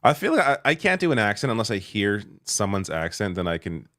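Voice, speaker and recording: A man co-hosts a casual panel chat in a very deep voice that swings widely in pitch. He talks fast and teases his fellow hosts. The sound is dry and close. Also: sing-song, a bit bright, no room sound. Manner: teasing, quick banter. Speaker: co-host.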